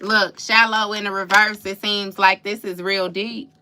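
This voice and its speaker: A woman's voice: medium pitch, little pitch movement, unhurried, background noise. A woman giving a casual live tarot reading, slangy and profane, laughing often and calling the listener baby. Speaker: tarot reader.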